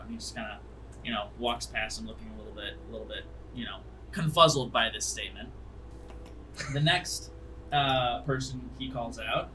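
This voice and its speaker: A man's voice: medium pitch, a little slow, sharp tone, a little hiss or hum, poor audio. A man narrating a tabletop game as game master, rambling along with many fillers.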